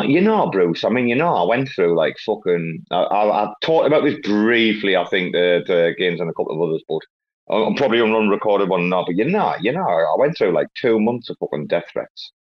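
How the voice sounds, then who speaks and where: A man hosting a casual online chat, rambling and swearing through banter. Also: low-pitched. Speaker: host. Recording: dull lo-fi online audio.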